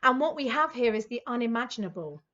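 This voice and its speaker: A woman from the UK giving a tarot reading, gushing and excitable in a chatty way. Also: a little high, quick pace, lo-fi sound. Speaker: psychic tarot reader.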